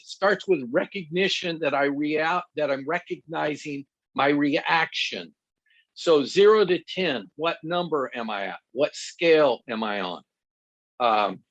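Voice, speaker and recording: A middle-aged man, a guest pastor and counselor, teaching conversationally through personal stories and laughing at himself. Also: on the high side. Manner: animated storyteller who laughs at himself. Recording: dull lo-fi dry sound.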